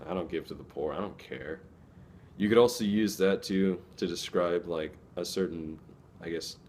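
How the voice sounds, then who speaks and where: A young man with a very deep voice talks through his points in an easygoing, conversational way. He speaks as a student presenter and slips into short acted-out lines to make each example land. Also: a little hiss or hum. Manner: loose and conversational, acts out little quoted lines. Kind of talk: casual explanatory talk.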